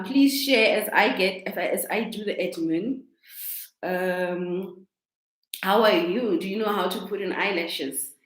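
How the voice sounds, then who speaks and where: Chatty South African woman, echoey room. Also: fairly low pitch. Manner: chatty, repeats herself, greets viewers warmly. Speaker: life coach hosting a live stream. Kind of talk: casual live-stream chat. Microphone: laptop microphone.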